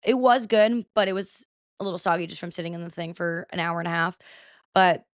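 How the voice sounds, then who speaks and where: A young woman tells a weekend story in a loose, chatty vlog style, peppering it with "like". Her voice is smooth and clean. It sits close on a dry mic with no room sound. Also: lowish voice, brisk, no room sound. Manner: chatty, animated, heavy use of "like". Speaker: vlogger.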